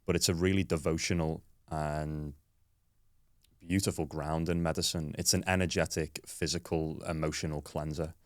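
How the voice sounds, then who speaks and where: A man who works as a therapist talks calmly about healing. His voice is very deep and steady, with little rise or fall. He speaks slowly and gently, and the mic is close and dry. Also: dry recording. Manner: slow, gentle, reflective, with soft affirming hums. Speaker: therapist and men's coach. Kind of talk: calm reflective conversation.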